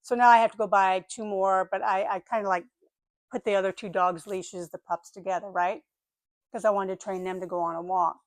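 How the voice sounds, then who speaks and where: An older woman chatting casually on her vlog, telling a story in an animated way and acting out the voices of the people and animals in it. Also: mid-range voice, fairly quick, no echo. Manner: animated, acts out voices of dogs and neighbors. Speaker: vlogger.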